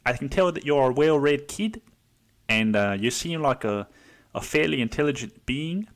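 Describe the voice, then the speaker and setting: A man's voice: medium pitch, animated, normal speed, voice pushed up, lightly acted. A man voicing a condescending Australian bloke with an Australian accent, repeating himself in a patronizing way.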